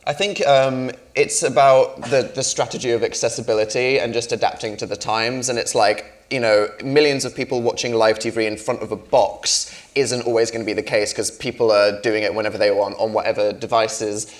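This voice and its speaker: A man's voice: mid-range voice, steady tone, brisk, hardly any pauses. Wry, rambling man in his twenties. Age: 20s. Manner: chatty, wry, rambling with restarts. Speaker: panel guest. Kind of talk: onstage conversation. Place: festival stage before an audience.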